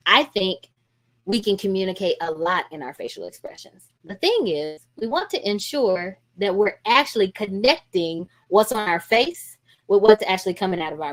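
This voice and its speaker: A middle-aged woman counselor talks casually through a parenting workshop over a video call. She keeps the talk lively and often acts out what parents and kids might say. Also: mid-range voice. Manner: lively and conversational, acting out parents' lines.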